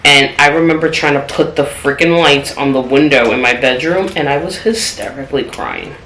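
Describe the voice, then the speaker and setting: A woman telling a personal story in a home vlog, candid and open, her voice going soft and trailing when the story turns sad. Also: extremely low pitch, expressive, normal speed, few pauses, noisy background. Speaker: vlogger. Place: home apartment. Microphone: phone camera. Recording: echoey room with clattering dishes.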